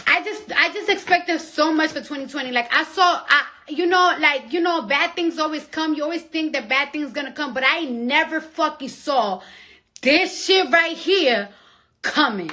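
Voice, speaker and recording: A young woman chatting on a phone live stream at home, profane and rambling, swinging from loud outbursts to hushed whispers. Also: high voice, normal speed, a little hiss or hum. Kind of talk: casual live-stream chat.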